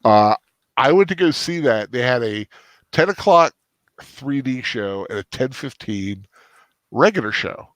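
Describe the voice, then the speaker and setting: A man's voice: mid-range voice, expressive, fairly bright tone, dry recording. Rambling male movie-night host. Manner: rambling, halting with many restarts and fillers. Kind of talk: casual post-movie chat.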